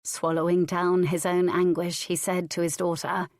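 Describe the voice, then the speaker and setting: A woman reading a historical romance audiobook aloud in a measured storytelling manner. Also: lowish voice, level tone, darkish tone, no echo, clean studio sound. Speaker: audiobook narrator. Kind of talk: scripted audiobook narration.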